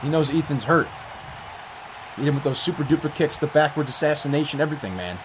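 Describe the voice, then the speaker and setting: A man giving excited, profane play-by-play commentary on a wrestling match, often breaking into yells. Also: a little high, fast talker, noisy background.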